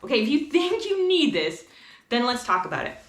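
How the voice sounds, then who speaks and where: A woman chats casually to her camera, wandering through asides as she goes. Her voice sits a little high, and the room around her rings with echo. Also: brisk. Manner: chatty, rambling, animated asides. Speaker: homeschool vlogger.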